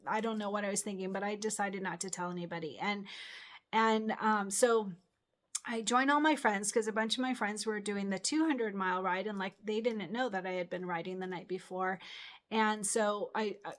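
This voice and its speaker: A woman's voice: medium pitch, fairly even intonation, normal speed. Chatty middle-aged woman telling a story. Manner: rambling, chatty, many fillers and restarts. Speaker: channel host. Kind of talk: casual storytelling.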